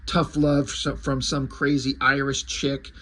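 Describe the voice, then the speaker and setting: A man voicing a gruff, arrogant masked vigilante who talks curtly and swears. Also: medium pitch, monotone, measured pace, a bit bright. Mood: brooding. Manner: curt, profane, self-assured.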